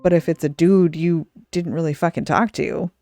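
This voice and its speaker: A woman's voice: lowish voice, fairly even intonation, normal speed, warm tone, no room sound, studio quality, faint music behind. A woman hosting a casual podcast, chatty and laughing often. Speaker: podcast host.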